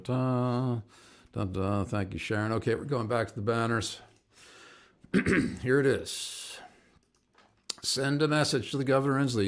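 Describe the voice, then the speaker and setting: A middle-aged man, a singer and activist, rambles and chuckles as he tells stories and greets viewers by name on his live online show. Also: on the low side. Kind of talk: casual live-stream storytelling.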